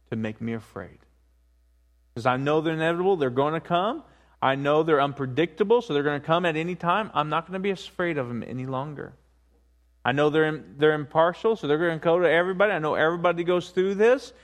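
A man preaching a sermon, swinging between hushed asides and rising, emphatic points, with frequent repetition. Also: a little high. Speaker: pastor.

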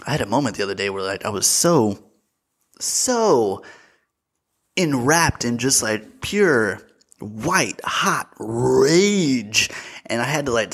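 A young man hosting a casual solo podcast, telling a story with animated energy, swearing freely and calling his listeners dude. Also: medium pitch. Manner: animated storytelling, bursts into shouted voices. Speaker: podcast host.

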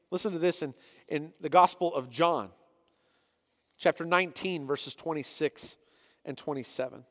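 A pastor with a high-pitched voice delivers a sermon, moving between reading scripture aloud and earnest explanation. His voice carries a long reverb tail, as if the room is large and echoing. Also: a bit bright.

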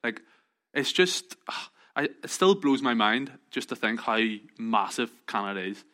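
A man's voice: medium pitch, lively intonation, a little slow, sharp tone. A man with a Northern Irish accent telling chatty, joking anecdotes to a group in a casual, self-deprecating way. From Northern Ireland. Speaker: speaker addressing a group.

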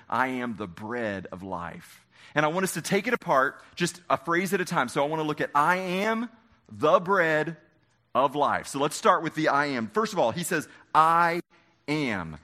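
A man preaching a sermon as pastor, slowing down to stress quoted words. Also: on the high side, pushed and bright. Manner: emphatic preaching with slow dramatic quotes.

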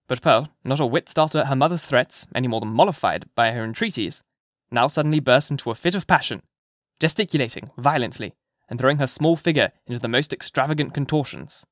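A man narrates a classic novel in a measured, expressive way. His voice sits at a middle pitch. The recording is close and dry, with no room sound. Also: no echo. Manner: measured, expressive literary reading. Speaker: audiobook narrator.

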